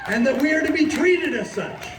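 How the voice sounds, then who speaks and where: High-voiced man preaching at an echoey outdoor rally. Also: expressive, normal speed, recorded from a distance, a loud crowd, heavy background noise. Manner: impassioned storytelling, emphatic and preachy. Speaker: sheriff and political activist. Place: outdoors at a city hall.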